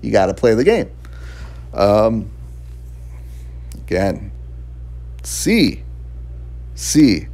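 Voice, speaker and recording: A man with a deep, low-pitched voice talks through a game review in a loose, chatty way. He rambles, circles back on his points and laughs between thoughts. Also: big pitch swings, very slow, long pauses, darkish tone. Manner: rambling and chatty, laughs often, fillers and restarts. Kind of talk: casual spoken game review.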